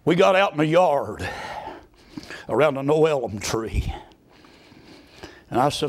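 A middle-aged man preaching a sermon, moving from quiet storytelling to loud, fervent shouting. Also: on the high side, animated, slow, gravelly, pauses often. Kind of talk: fiery sermon.

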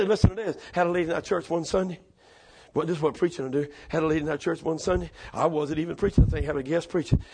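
A man preaching a sermon, fiery and shouting at the climaxes of his stories. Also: high voice, vocal fry, breathy edge. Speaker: pastor.

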